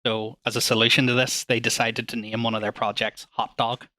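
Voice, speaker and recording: A man's voice: medium pitch, level tone, a little fast, sharp tone, dry recording. A man co-hosting a casual gaming podcast. He talks fluently and with enthusiasm, swearing often. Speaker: podcast co-host.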